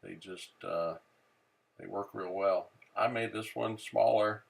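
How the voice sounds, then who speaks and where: A man casually explaining fly tying step by step, relaxed and unhurried, often pausing on "uh" as he works. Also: lowish voice, gravelly. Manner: relaxed, many "uh" fillers, thinking aloud while working. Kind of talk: casual how-to narration.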